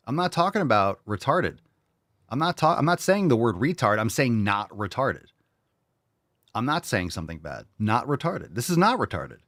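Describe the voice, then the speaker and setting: A man hosting his own show, pitching merch in a brash, profane, mocking way. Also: big pitch swings, a little fast, a bit bright, dry recording, studio quality. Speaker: show host. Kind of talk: casual merch pitch monologue.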